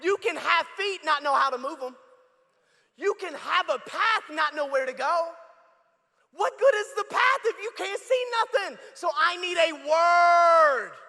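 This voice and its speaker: A man's voice: very high-pitched, lively intonation, a little slow, pushed and bright. A man preaching a sermon as a guest pastor in a church, joking with the crowd in a conversational way. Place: church sanctuary. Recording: long reverb of a large church hall.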